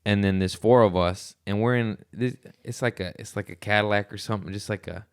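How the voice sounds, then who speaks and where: A man's voice: fairly low pitch, steady tone, a little fast, smooth. A man hosting a casual chat, laid-back and slangy, laughing often as he tells stories. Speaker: podcast host.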